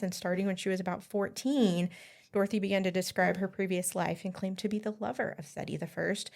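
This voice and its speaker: A woman's voice: medium pitch, vocal fry, darkish tone. Chatty woman podcast host, lots of ums, giggles while she tells a story. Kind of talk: casual chat telling a story.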